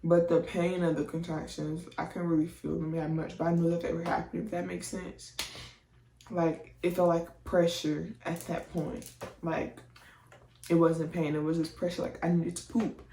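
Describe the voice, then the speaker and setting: In an echoey room well away from the mic, a woman vlogger tells the story of giving birth, chatty and slangy, playing out her own responses. Her fairly low, mellow voice moves little in pitch and keeps a moderate pace.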